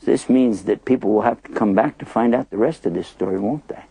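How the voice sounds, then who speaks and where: A man's voice: fairly low pitch, a little fast, vocal fry, dark tone, slightly rough, no echo. A man narrating a prophet story in a chatty, playful, dramatic way. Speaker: Islamic storyteller.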